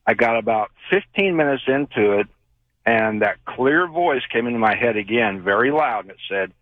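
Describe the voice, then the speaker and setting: A man's voice: mid-range voice, lively intonation, moderate pace, no room sound. A man calling into a late-night radio show, telling a long rambling story with many fillers. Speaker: caller. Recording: tinny phone line.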